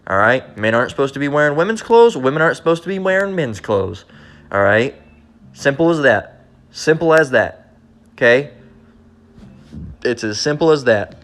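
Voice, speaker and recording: A man preaching in a blunt, confrontational way, repeating his points and reading scripture slowly and deliberately. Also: medium pitch, lively intonation, a bit bright. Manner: blunt, repetitive, keeps asking "all right?"; reads verses slowly and deliberately. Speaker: street preacher.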